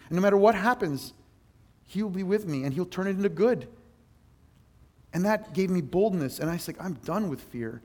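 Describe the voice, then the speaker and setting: High-voiced earnest male preacher. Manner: earnest, self-deprecating, animated storytelling. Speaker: pastor. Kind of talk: sermon.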